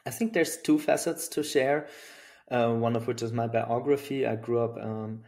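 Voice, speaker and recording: A man's voice: mid-range voice, steady tone, moderate pace, a little mellow. A middle-aged man with a German accent, talking thoughtfully as an interview guest, with many fillers and restarts. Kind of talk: reflective interview talk.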